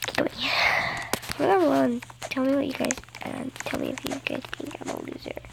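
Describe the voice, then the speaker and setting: A woman giving excitable, dramatic let's-play commentary to her viewers, recorded on a phone. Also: high voice, moderate pace, gravelly, noisy background. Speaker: gaming channel host. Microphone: phone screen recording.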